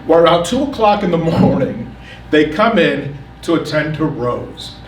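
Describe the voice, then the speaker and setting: A man telling a comic personal story on stage and acting out the quotes with lively energy. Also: on the high side, a little slow, a little hiss or hum. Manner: animated, comic, acts out the quotes. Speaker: storyteller at a community story event. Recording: echoey room, picked up from a distance.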